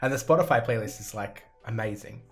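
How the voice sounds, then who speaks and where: A relaxed interview host chatting casually, full of fillers and trailing phrases. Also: medium pitch, a little fast, soft background music. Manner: relaxed, rambling, filler-heavy.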